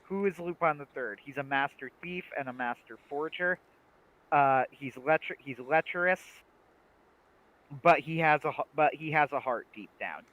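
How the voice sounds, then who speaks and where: A man's voice: a little high, moderate pace, narrow, tinny audio. A man co-hosting a livestream, chatting casually and making emphatic, opinionated points. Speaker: livestream co-host. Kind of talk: casual chat.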